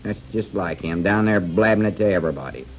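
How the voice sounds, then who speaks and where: An actor playing a blustery, self-pitying country storekeeper, in 1940s radio comedy acting. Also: male voice, deep voice, expressive, quick pace, a little hiss or hum. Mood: aggrieved. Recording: lo-fi old radio recording.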